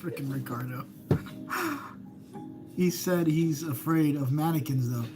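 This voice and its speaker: A man's voice: a little high, measured pace, music in the background. A man hosting a casual live stream from home, teasing his guest and laughing often.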